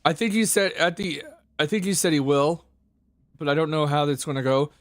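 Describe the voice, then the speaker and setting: A man's voice: a little high, fairly quick. A man streaming a game, rambling and correcting himself as he comments casually. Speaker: gaming streamer.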